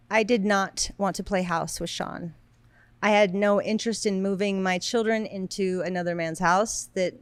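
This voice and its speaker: A woman in her thirties co-hosts a podcast, chatting casually in a blunt, emphatic manner. Her voice is medium-pitched, and there is no echo.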